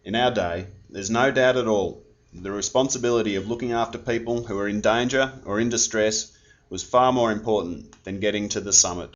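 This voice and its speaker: A man's voice: lowish voice, brisk. An older man, speaking firmly and formally in an interview. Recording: dull lo-fi audio.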